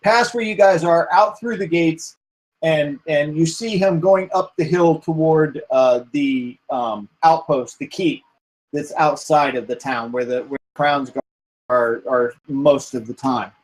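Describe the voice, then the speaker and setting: A man's voice: a little high, measured pace, poor audio. A man running a tabletop game as game master, narrating scenes in a rambling way with many fillers. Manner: rambling, many fillers and restarts while describing.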